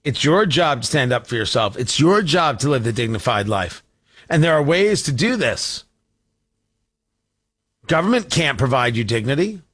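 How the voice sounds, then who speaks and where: A man's voice: mid-range voice, sing-song, moderate pace, a bit bright. A man hosting a political talk show, delivering a combative, sarcastic monologue.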